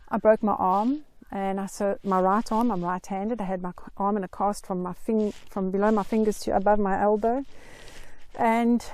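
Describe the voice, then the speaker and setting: A middle-aged woman recounts her own story in an earnest, reflective way, taking her time. Her voice is mellow and darker in tone, with a gravelly fry at the edges. The sound is dry and close, with no room around it. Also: medium pitch, dry recording. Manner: earnest, reflective, slow and deliberate. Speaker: Christian mental health vlogger. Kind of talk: personal story told to camera.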